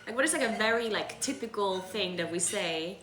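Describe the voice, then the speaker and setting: A woman's voice: medium pitch, expressive, fairly quick, fairly bright tone. Chatty woman streamer. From South Tyrol. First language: German (South Tyrolean dialect). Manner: chatty, laughs often, many "like" fillers. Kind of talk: casual chat with stream viewers. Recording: roomy echo.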